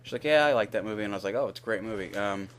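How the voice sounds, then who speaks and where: Racing along in a low-leaning voice, a young man narrates a candid, wandering story over his gameplay, swearing liberally and performing both halves of the dialogue. He's a gaming video host, and a faint hiss or hum sits under the audio.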